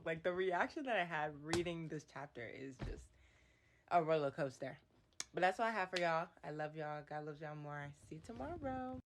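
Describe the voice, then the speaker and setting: Woman, low voice, casual Bible breakdown, expressive reactions, reads verses aloud. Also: normal speed, slight background noise. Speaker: Bible study vlogger.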